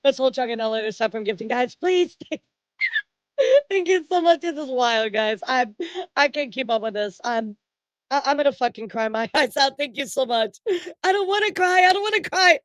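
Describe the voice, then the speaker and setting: A young woman streaming live, excitedly thanking viewers, laughing often and swearing. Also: a little high, normal speed, dry recording, clean studio sound.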